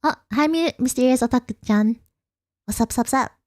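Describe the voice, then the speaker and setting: A young woman with an Australian accent chats casually with her viewers late at night, rambling and laughing often. Her voice is mellow and soft-edged. The sound is dry and close, with no room around it. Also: high voice, normal speed, no echo. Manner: giggly and rambling, reads chat aloud. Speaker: vtuber streamer.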